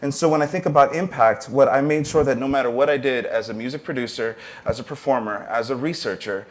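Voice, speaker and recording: On a panel, a university professor of arts entrepreneurship speaks earnestly and motivationally, restarting briefly now and then. He has a medium-pitched voice and talks fast.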